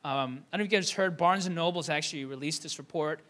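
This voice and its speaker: A man's voice: a little high, fast talker, a bit bright. A young man from Michigan preaching a conversational sermon, with many fillers and restarts. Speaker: pastor.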